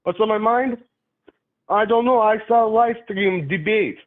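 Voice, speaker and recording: Halting Russian man on a phone line. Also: sits high. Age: 30s. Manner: halting, broken English, literal and puzzled. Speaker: caller. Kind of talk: call-in phone conversation.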